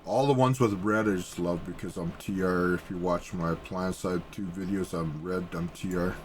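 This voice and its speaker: A man's voice: low voice, fairly even intonation, normal speed, a little mellow, slight background noise. A man, an artist, casually telling a story for his vlog in a rambling way. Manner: rambling, casual, with restarts and fillers.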